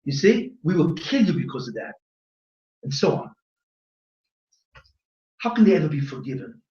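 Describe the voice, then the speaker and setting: A man with a high voice delivers a fiery religious lecture, pressing rhetorical questions on his listeners. He sounds set back from a dull-sounding microphone. His words ring out through an echoey hall. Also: sing-song, moderate pace, a little mellow, recorded from a distance. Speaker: rabbi giving a lecture.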